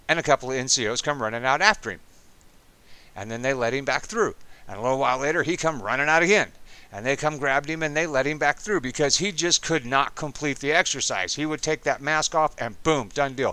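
A man in his fifties, an Army veteran, telling a personal story in a casual, animated and profane way. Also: mid-range voice, no room sound. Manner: animated, profane, dramatic retelling.

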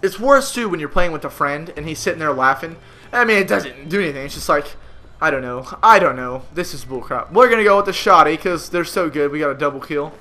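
A young man commenting on his own gameplay in an exasperated, frustrated rant with sudden loud outbursts, talking into a gaming headset at home. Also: on the high side, expressive, brisk. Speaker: gamer.

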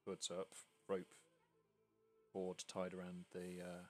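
A man's voice: deep voice, completely flat delivery, takes it slowly, faint music behind. A man narrating a tabletop game as game master, describing scenes with many fillers.

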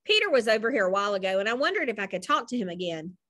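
A woman's voice: mid-range voice, big pitch swings, racing, a bit bright. A woman voicing a mischievous, scheming older sister in a storybook, speaking in a sly, matter-of-fact way.

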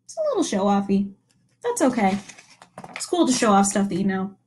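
There's a faint hiss or hum behind this young teacher, whose medium-pitched voice moves fairly quickly through a picture book. She reads to children with animation and asks them questions along the way.

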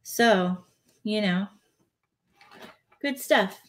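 A woman talks casually on a live stream from her home, keeping up a loose, joking patter as she goes. Her voice sits at a middling pitch, and she breaks into easy laughter between remarks. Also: drawn-out words. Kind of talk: casual live-stream chat while building a toy set. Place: home, indoors.

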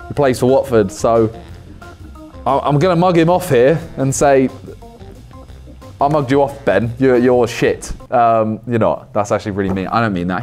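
A man's voice: mid-range voice, darkish tone. A young man, reacting to fan posts in casual commentary, teasing and self-mocking.

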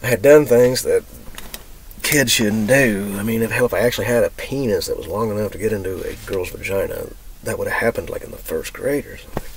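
A man from Texas talking through his memories in a rambling personal monologue, emotional and profane, drifting from loud outbursts into whispers. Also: lowish voice, fairly quick, slight background noise, low-quality recording. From Texas, USA. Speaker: vlogger.

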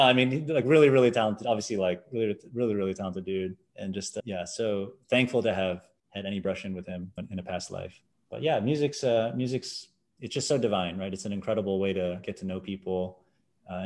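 A man in his forties tells stories at a quick clip, slipping into other people's voices with sudden high jumps. It sounds like a relaxed chat between guest and host. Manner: animated, acts out quoted voices with big pitch jumps. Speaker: podcast guest. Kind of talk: casual storytelling.

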